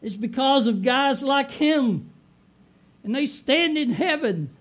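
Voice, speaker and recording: A middle-aged man preaching a sermon as pastor, emphatic and repetitive, slowing down to stress his words. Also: very high voice, lively intonation. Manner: emphatic repetitive preaching, swelling on key phrases.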